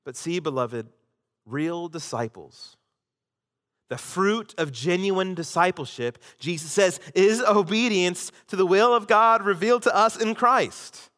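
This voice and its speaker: Man, pastor, sermon, higher-pitched, loud then hushed, echoing hall. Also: a little slow. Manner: dramatic swings between loud emphasis and hushed asides.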